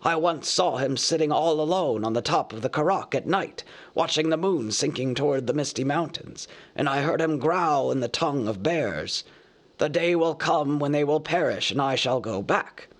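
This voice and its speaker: A man reading a storybook aloud, voicing Gandalf, an old male wizard who lectures in a measured, easily cross way. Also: fairly high pitch, lively intonation, natural voice. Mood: lecturing.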